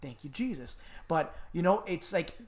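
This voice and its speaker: A man co-hosting a casual chat podcast, telling stories with animated voices for the people in them. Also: normal speed. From Miami. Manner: animated storyteller, acts out voices with big pitch jumps. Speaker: podcast co-host.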